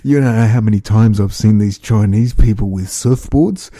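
An Australian man talks straight to camera in a loose, rambling rant. His voice sits fairly low, very dark and mellow, with a husky grain. He sounds incredulous and breaks into chuckles. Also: moderate pace. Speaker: vlogger. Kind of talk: casual rant monologue.

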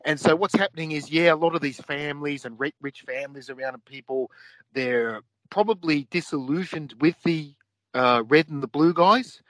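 A man's voice: fairly high pitch, normal speed, fairly bright tone, no room sound, poor audio. Ranting Australian man, dry sound. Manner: profane, heated and repetitive. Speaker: podcast co-host. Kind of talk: ranting casual talk.

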